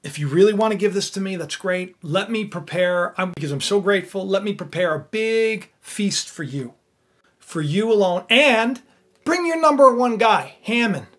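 A man's voice: sits high, animated, normal speed, fairly bright tone. A man voicing a young queen who makes polite, coaxing requests while hiding a plan.

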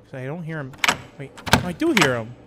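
A man's voice: fairly high pitch, fast, very noisy. A young man commenting on a horror game as he plays, jumpy and joking, laughing often. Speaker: gaming youtuber.

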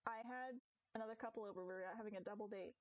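A woman's voice: mid-range voice, very fast, dry recording, dull audio. A young woman streaming a game, chatting casually with viewers, rambling into giggly stories.

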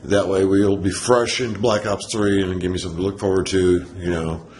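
A man's voice: low-pitched, fairly even intonation, a little fast, darkish tone, roomy sound, slight background noise. A man vlogging at home, chatting in a playful, teasing way and laughing often. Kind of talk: casual chat. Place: home, indoors.

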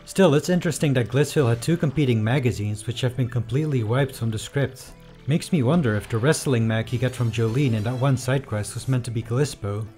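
A man narrating a casual video essay, his delivery wry and chatty. His voice sits at a middle pitch, with faint music underneath. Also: fairly quick, darkish tone.

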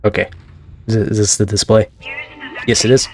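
A man's voice: lowish voice, level tone, moderate pace, a little mellow, soft background music. A man commentating on his own gameplay in a casual let's-play, joking and exclaiming at scares. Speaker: gaming video host.

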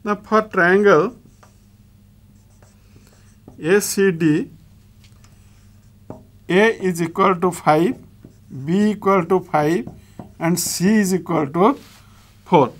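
A man's voice: high-pitched, slow pace, long pauses. A man with an Indian English accent, teaching a maths lesson step by step while writing on a board.

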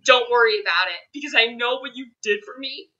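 A woman's voice: on the high side, fairly quick, sharp tone, highs cut off. A young woman reviewing a film in a casual monologue, gushing and repeating herself as she gets emotional. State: choked up, near tears.

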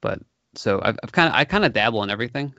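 A man's voice: lowish voice, lively intonation, racing, gravelly, pushed and bright, no room sound. A man co-hosting a podcast, chatting casually in a hesitant way with many fillers. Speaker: podcast co-host. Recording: dull dry lo-fi sound.

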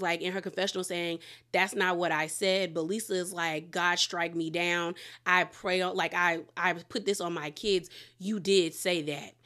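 A woman's voice: medium pitch, fairly bright tone. A woman casually retelling a reality show fight, acting out quotes from the cast. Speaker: reality TV recap host. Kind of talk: casual chat.

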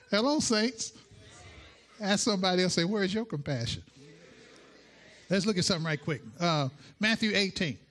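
A male pastor delivering a sermon, playful and animated, acting out quotes as he teaches. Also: high-pitched, normal speed, pauses often.

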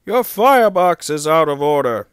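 A man's voice: on the high side, sing-song, moderate pace, fairly bright tone, smooth, no room sound, studio quality, voice pushed up. A man voicing a cheeky, teasing male steam engine with a mocking tone.

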